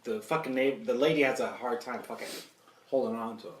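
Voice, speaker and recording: A man's voice: mid-range voice, fairly quick, a little hiss or hum. A man in his thirties, a podcast host, telling a profane story in casual chat. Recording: echoey room, mic at a distance.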